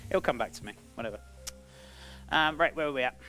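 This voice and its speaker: A man's voice: medium pitch, fast, sharp tone, soft background music. A British man chatting casually on a cooking live stream, rambling between cooking tips and greeting viewers as "buddy". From Britain.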